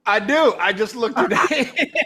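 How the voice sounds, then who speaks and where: Podcast co-host, man, fairly high voice, laughs a lot, crude humor. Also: fairly bright tone. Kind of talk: casual podcast banter.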